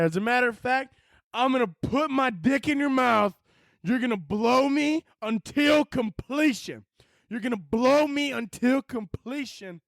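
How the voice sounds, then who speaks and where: Brief: man putting on a loud frat-bro drill officer, high strained yell, slow drawn-out threats, crude. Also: creaky, no echo, clean studio sound, exaggerated voice. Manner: shouted crude drill-sergeant rant. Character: gay frat-boy military officer berating pledges.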